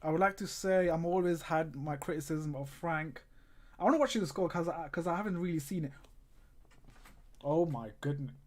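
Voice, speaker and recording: A man's voice: on the high side, moderate pace. A man hosting a live football watchalong stream, groaning and ranting at the game and talking straight to his chat viewers. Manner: exasperated, groaning and ranting at the match; talks to chat viewers directly. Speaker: livestream host.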